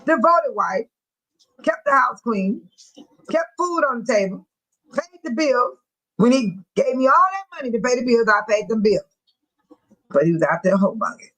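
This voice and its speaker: A woman in her sixties hosts a livestream, chatting casually with viewers, speaking bluntly, telling stories and laughing often. Her voice is medium-pitched, and the recording quality is low.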